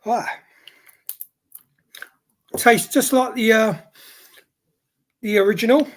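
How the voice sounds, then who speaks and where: A man's voice: high-pitched, slow. A man hosting a livestream hot sauce test who has a head cold and a runny nose, exclaiming and reacting aloud as the spice hits. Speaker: hot sauce reviewer and host.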